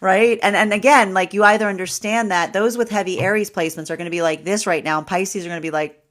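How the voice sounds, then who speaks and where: A woman's voice: mid-range voice, steady tone, fast, a bit bright. A woman tarot reader giving a live astrology reading, rambling with many fillers and restarts and laughing often.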